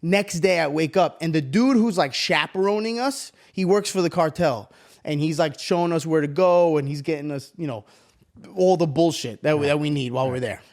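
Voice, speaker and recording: Profane, animated male storyteller. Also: a little high, normal speed. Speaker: podcast co-host. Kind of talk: casual storytelling chat.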